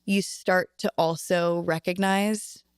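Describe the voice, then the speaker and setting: A woman in her twenties, a singer and actress, chatting as a podcast guest in a chatty, animated way with lots of filler words and casual swearing. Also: lowish voice, slow, clear, resonant tone, dry recording, clean studio sound. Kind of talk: casual chat. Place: indoor podcast set.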